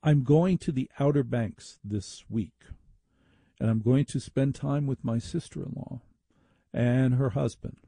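A man's voice: mid-range voice, measured pace, vocal fry, mellow, dry recording. A man hosting a talk radio show, delivering an opinionated, indignant and sardonic monologue into a studio microphone.

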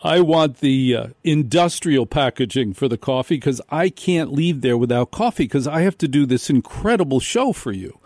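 A male radio host tells a comic story with lively energy, jumping into voices for the people he meets. The studio sound is close and dry, with no room around him. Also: mid-range voice, moderate pace, few pauses, dry recording. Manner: animated storytelling, acts out quoted people. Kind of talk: comedic radio monologue.

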